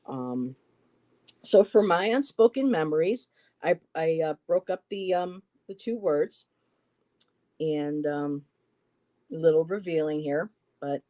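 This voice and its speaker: A woman in her fifties, co-hosting a live poetry stream, telling a personal story casually, halting often with "you know" and restarts. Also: low voice, animated, mellow. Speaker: poetry show co-host.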